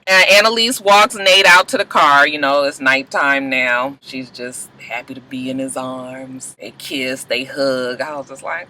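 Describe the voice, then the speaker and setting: A woman's voice: deep voice, pushed and bright, poor audio. A woman, animatedly recapping a TV episode and acting out the characters' lines. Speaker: TV recap vlogger.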